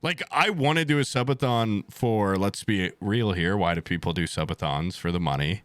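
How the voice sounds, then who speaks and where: A man's voice: fairly low pitch, moderate pace, no room sound. A young man in his twenties telling a rambling, crude story to his stream chat at home, swearing bluntly as he goes.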